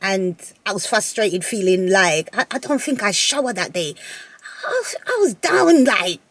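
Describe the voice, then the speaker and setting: A woman telling a personal story to her viewers in a casual, animated way, often repeating phrases and laughing. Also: mid-range voice, moderate pace, no room sound. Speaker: vlogger.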